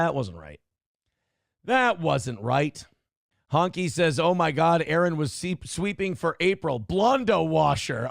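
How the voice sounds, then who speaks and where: A man's voice: mid-range voice, gravelly, no echo, clean studio sound. A middle-aged man hosting a livestream, reading chat comments and ranting bluntly with frequent swearing. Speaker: streamer host reading chat.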